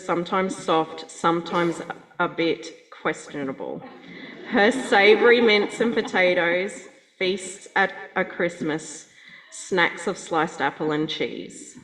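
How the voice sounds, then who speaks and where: A woman giving a measured, fond eulogy for her grandmother at a funeral. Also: on the low side, fairly bright tone. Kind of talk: read eulogy. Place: funeral chapel. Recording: echoey hall.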